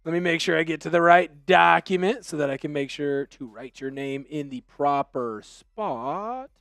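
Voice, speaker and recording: A young man from Vancouver, Washington, hosting a live fan stream and yelling excitedly with his co-host. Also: fairly high pitch, vocal fry, no room sound. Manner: rowdy, yelling, fast fan banter.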